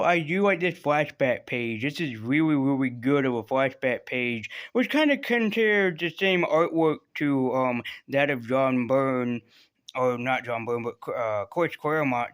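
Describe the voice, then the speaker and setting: A man's voice: on the high side, a bit bright. A man casually reviewing comic books in a rambling, sarcastic way, swearing freely.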